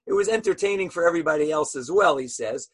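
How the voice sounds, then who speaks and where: A man's voice: fairly high pitch, expressive, fast, husky. A man teaching a Torah lesson as a sermon, telling stories animatedly and asking rhetorical questions.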